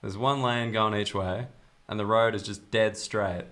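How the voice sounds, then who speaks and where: A man's voice: on the low side, fairly even intonation, unhurried, a bit bright. A young Australian man hosting a casual comedy podcast chat, laid-back and laughing often as he acts out drawling voices. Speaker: podcast host.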